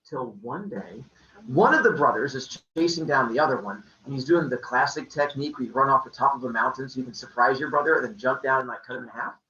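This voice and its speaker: A man's voice: mid-range voice, fast, sharp tone, echoey room, highs cut off, slight background noise. A man retelling a myth in a casual, jokey, playful way full of sound effects. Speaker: podcast storyteller.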